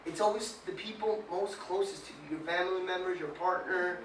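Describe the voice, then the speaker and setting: A man gives a lively motivational talk to a small group, firing questions at them and mimicking whiny complaints. His voice sits high and carries through a roomy space. It is heard from a distance against faint background noise. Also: brisk. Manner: animated, quizzes the audience, mimics whiny voices. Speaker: motivational speaker.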